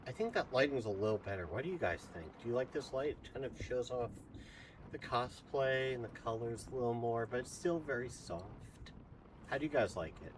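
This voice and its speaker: A man streaming himself reading a novel aloud, speaking softly to his chat. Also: mid-range voice, lively intonation, fairly quick, noisy background. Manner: softly spoken.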